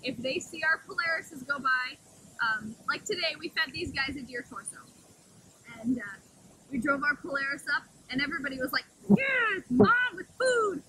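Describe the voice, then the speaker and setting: Standing outdoors by the wolf pens, a woman who looks after wolves explains things casually and with enthusiasm to the camera, switching to a high sing-song voice to talk to the animals. She speaks fairly quickly with a sharp tone, and the poor audio carries a little hiss or hum.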